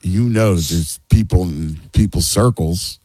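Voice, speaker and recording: A man's voice: low-pitched, takes it slowly, dark tone, dry recording. A man hosting a sports talk show, speaking casually and emphatically.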